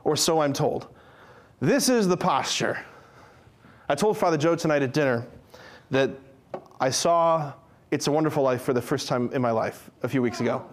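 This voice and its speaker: A young man with a high, bright voice gives a spirited religious talk. He acts out the lines he quotes and banters with the people listening. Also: normal speed, long pauses. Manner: animated, acts out quotes, jokes with audience. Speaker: speaker giving a talk. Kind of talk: lively Catholic teaching talk.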